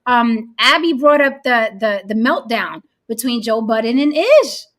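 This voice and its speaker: A woman's voice: fairly high pitch, lively intonation, measured pace, fairly bright tone. A woman from New York co-hosting a podcast in casual chat, blunt and joking, swearing freely. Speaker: podcast co-host.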